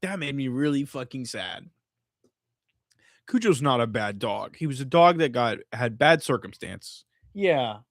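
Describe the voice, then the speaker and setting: A man's voice: medium pitch, a little slow, no room sound, clean studio sound. A man hosting a casual live stream from home, swearing freely and a little drunk as he rants. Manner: profane, animated ranting. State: tipsy from drinking. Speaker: streamer host.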